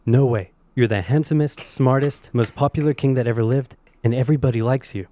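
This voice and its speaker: A man's voice: mid-range voice, fairly quick, warm tone, lightly acted. A man playing a vain, bossy king. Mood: self-admiring. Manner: self-admiring, dismissive. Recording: narration over clear background music.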